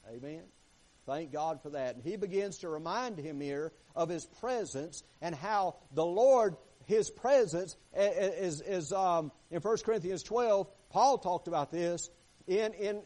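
A man delivering a sermon in a somewhat high voice. He swings between hushed, quiet stretches and emphatic, rising passages as he reads scripture aloud and talks to the congregation. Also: poor audio. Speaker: preacher.

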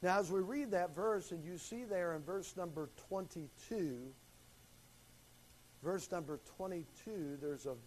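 A middle-aged man preaching and teaching, reading scripture slowly with strong emphasis and shifts in volume. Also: high voice, darkish tone, a little hiss or hum, poor audio. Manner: emphatic, varies volume and slows for stress on scripture. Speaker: pastor teaching a class. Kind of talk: sermon teaching.

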